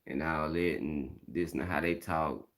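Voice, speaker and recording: A man's voice: very deep voice, steady tone, unhurried, fairly bright tone. A middle-aged man from Mississippi with a Southern accent, talking bluntly and casually on a live stream, repeating his points in slang.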